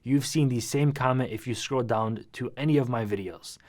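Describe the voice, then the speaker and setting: A man telling a story on his YouTube channel in a casual, animated, slangy and dramatic way. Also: mid-range voice, normal speed.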